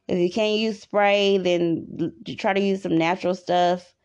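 A woman's voice: mid-range voice, little pitch movement, takes it slowly, few pauses, a little mellow, smooth. A woman hosting a podcast, giving rambling, repetitive advice in a casual monologue. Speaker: podcast host.

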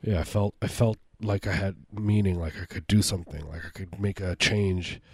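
Casting: low-voiced male radio co-host, rambling absurd jokes, dry studio sound. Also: fairly even intonation, moderate pace, slightly rough, no echo. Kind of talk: casual comedic banter during a fund drive.

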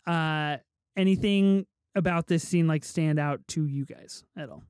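Man, fairly high voice, podcast host, wry, dry close sound. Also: a little slow, a little mellow, clear, resonant tone, no echo. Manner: steers the talk, wry and teasing. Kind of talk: casual chat.

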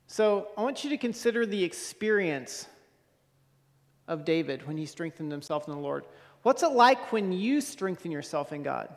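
Male pastor with a high voice, earnest and repetitive, preaching in a reverberant hall. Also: expressive, moderate pace. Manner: earnest, repeats words and asks "okay?". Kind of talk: sermon.

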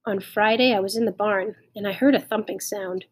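A woman reading a children's novel aloud, tender and expressive. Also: medium pitch, brisk. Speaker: audiobook reader. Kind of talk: audiobook narration.

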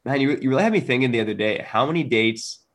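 Casting: Canadian-raised man, podcast host, chatty and relaxed, mid-pitched. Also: fast. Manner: chatty, explaining, swearing, laughing. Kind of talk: casual chat.

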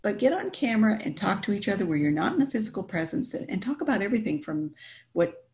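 A middle-aged woman telling a personal faith story in a lively, animated way, often laughing. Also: mid-range voice, fast. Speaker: guest telling her story. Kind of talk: personal testimony chat.

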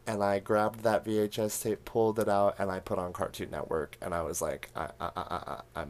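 A young man hosting a podcast, recapping a horror film in animated, laugh-filled storytelling that acts out the characters' lines. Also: lowish voice, brisk. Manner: animated storytelling, laughing often, acting out quotes. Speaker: podcast host.

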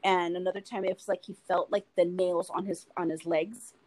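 Husky woman telling a family story. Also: on the low side, fairly even intonation, a little fast, darkish tone, dry recording, rough recording. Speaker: guest. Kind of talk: casual chat.

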